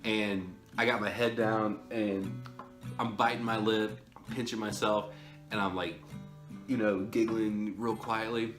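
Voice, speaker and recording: Bright-voiced man telling a story. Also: lowish voice, flat delivery, a little slow. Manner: rambling, chuckling. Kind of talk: casual storytime chat. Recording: roomy echo, faint music.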